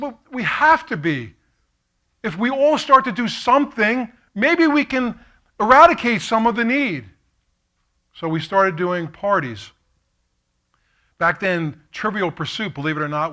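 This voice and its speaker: A middle-aged man, giving an impassioned keynote speech as a story, acting out the voices of others and moving from hushed to fervent. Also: high voice, moderate pace. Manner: animated, quotes himself and others, swings from hushed to fervent. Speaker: keynote speaker. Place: lecture hall at a college.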